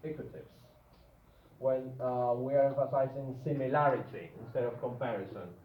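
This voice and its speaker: A man teaching a grammar lesson to a class, often checking in with the students and drawing out his example words slowly. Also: mid-range voice. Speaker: English teacher. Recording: dull lo-fi classroom recording with room echo.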